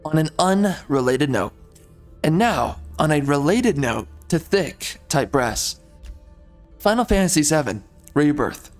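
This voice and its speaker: Rambling, profane gameplay commentator, slow-paced. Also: male voice, a little high. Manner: rambling, profane, easily exasperated.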